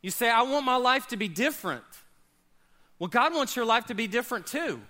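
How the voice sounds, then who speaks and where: A man preaching a sermon as pastor, swinging between loud bursts and quiet low asides. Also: animated, fairly quick.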